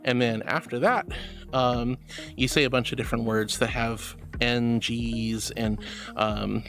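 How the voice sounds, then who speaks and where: A woman's voice: rumbling low, steady tone, a little slow, a bit bright, soft background music. A woman streamer in a casual live-stream chat, bubbly and affectionate, reading chat messages aloud and calling viewers sweetie and honey.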